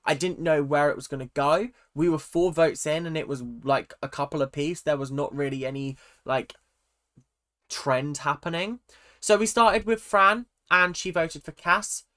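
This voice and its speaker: Chatty young woman recapping a show. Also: low voice. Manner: chatty, animated, acts out quotes. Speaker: recap vlogger. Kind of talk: casual reality-show recap.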